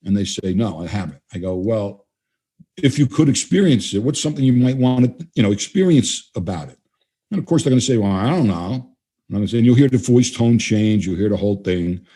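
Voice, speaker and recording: Husky, low-voiced man telling stories. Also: quick pace. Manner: animated, acts out both sides of dialogues. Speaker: guest trainer. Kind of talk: storytelling interview answers.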